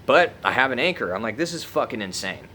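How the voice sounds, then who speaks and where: A man's voice: medium pitch, sing-song, quick pace, sharp tone, a little hiss or hum. A young man casually telling a story on his vlog, laid-back and heavy on swearing, laughing at himself as he goes. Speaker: vlogger.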